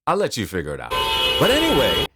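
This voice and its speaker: A man with a New York accent, a voice actor speaking to camera in an expressive, emphatic storytelling delivery. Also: medium pitch, fast, very noisy. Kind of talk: direct-to-camera talk.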